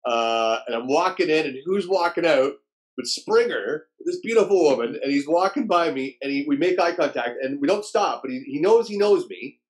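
Guy telling a wild story, acts out the quotes all loud and high, pretty lively. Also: normal speed. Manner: animated, acts out quotes in raised voices. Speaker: guest storyteller. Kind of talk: casual anecdote telling.

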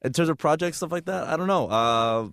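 A young man, a stand-up comic, chatting casually on a podcast in a low-key, hesitant way with lots of filler, recorded close on a studio mic. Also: animated, fairly quick, a bit bright, clear, resonant tone, no room sound. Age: young adult.

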